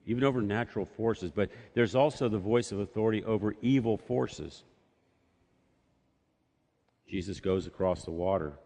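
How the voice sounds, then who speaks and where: A man's voice: low voice, darkish tone, big-room sound. A man preaching a sermon as pastor, telling a story and acting out voices from the scripture. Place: church sanctuary.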